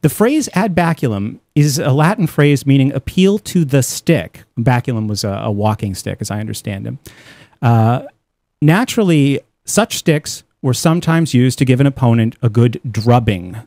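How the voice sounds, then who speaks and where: A man's voice: mid-range voice, normal speed, dry recording. A man hosting a radio talk show, reading definitions aloud and adding his own asides. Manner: animated, reads quotes aloud with asides. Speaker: host.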